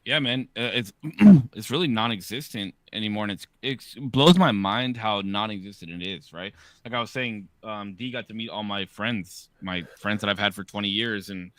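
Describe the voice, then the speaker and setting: A man in his thirties hosting a podcast, telling stories in a casual, profane, animated way. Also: lowish voice, moderate pace, hardly any pauses, no echo, clean studio sound. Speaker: podcast host. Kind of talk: casual chat.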